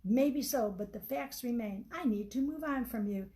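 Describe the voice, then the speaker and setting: A woman reading the part of a cold, dismissive husband who talks flatly and curtly. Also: a little high, normal speed, natural voice. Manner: flat, curt, demanding.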